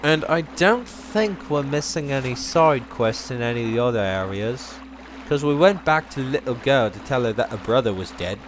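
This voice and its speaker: A man's voice: mid-range voice, animated, moderate pace, a little hiss or hum. A man hosting a let's play, giving jokey, rambling gameplay commentary. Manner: jokey, rambling, self-mocking.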